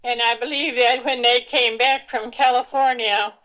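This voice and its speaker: An older woman reminiscing in a home recording, unhurried and searching for words with many pauses as she explains old songs with homely humor. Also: fairly high pitch, fairly even intonation, fairly bright tone, poor audio.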